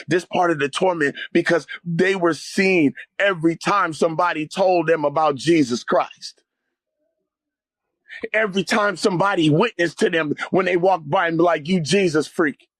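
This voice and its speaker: A man gives an intense personal testimony as an interview guest, speaking emphatically and rising to near-shouts at dramatic moments. His voice is a little high, and the recording is dry.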